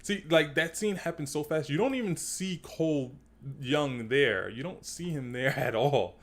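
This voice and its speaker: A man's voice: animated, a little slow, fairly bright tone. Chatty man doing a slangy trailer breakdown. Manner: slangy and chatty, repeats himself and restarts phrases; gets worked up and rises in pitch when ranting. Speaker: video creator breaking down a movie trailer. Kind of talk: casual trailer-breakdown commentary.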